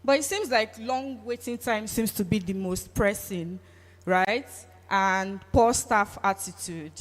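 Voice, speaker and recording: A woman's voice: medium pitch, slow. A woman with a Nigerian English accent hosting a live event, chatty and teasing as she talks with the audience. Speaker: event host. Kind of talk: lively audience engagement. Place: event hall. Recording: long hall reverb.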